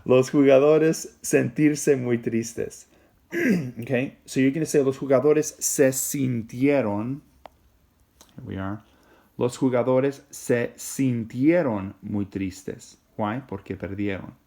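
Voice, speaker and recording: A man teaching Spanish in a recorded video lesson, explaining in a relaxed, rambling way and checking in with "okay?" and "right?". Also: mid-range voice, slow, gravelly.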